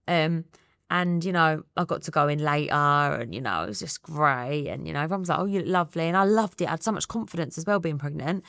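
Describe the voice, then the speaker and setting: Essex woman, 30s, interview guest; candid, reflective, quotes her own thoughts; fry in a low voice. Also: fairly bright tone, no echo, clean studio sound. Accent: Essex English.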